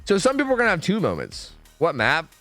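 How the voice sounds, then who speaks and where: Young guy streaming, kinda high voice, all over the place, thinking out loud and cursing, little bit of music behind. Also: wildly swooping pitch, fast talker. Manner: rambling, self-questioning, swears freely. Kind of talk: casual gaming stream chat.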